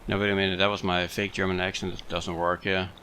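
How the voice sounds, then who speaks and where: A man giving relaxed, chatty commentary over his own gameplay, amused at what happens on screen. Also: deep voice, quick pace, a little hiss or hum. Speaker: gaming video host.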